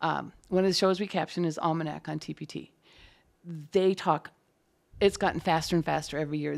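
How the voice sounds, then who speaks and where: Low gravelly-voiced Minnesotan woman. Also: darkish tone. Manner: chatty, thinks aloud with fillers and restarts. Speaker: closed captioner, guest. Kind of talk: casual interview talk.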